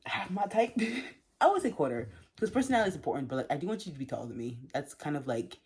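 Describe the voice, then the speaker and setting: Husky-voiced young woman telling a story. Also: deep voice, quick pace. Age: young adult. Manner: chatty, animated, filler-heavy with frequent laughs. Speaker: vlogger. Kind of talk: storytime vlog.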